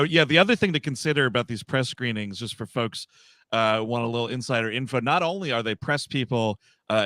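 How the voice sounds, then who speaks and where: A podcast co-host with a medium-pitched voice tells a story during casual chat, animatedly acting out the people involved and their quoted lines. The audio is studio quality with no echo.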